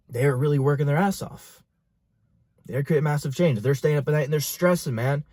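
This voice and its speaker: A man's voice: on the high side, moderate pace, a little mellow, no echo, clean studio sound. A young man, a fitness and business coach, talking straight to camera in an intense, profane, pushy motivational style.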